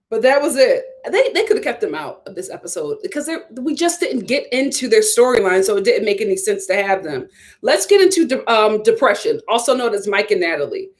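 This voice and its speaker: A woman giving a casual, opinionated live review of a TV episode. She laughs often and acts out what people said. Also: on the high side. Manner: chatty and opinionated, acts out quotes in voices; laughs often while talking. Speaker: TV show reviewer.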